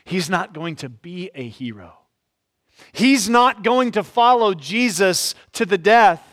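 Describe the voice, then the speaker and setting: A man preaching an expository sermon in a church. He talks reflectively and often softens his points with "sort of.". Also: high-pitched, expressive, takes it slowly. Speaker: pastor.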